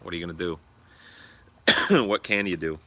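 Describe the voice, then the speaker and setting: A man's voice: low-pitched, moderate pace, sharp tone. A young man hosting a livestream, chatting casually in a crude, profane and joking way. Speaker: livestream host.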